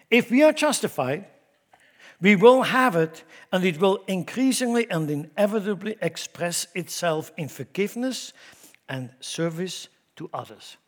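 Preaching to his congregation in a church, a male pastor alternates booming, emphatic statements with quieter asides, asking the room questions and repeating words often.

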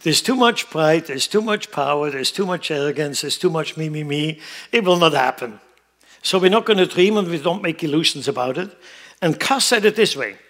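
Emphatic male preacher, slightly high voice. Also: animated, moderate pace. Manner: emphatic preaching, swinging from loud to quiet. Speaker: pastor. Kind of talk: sermon.

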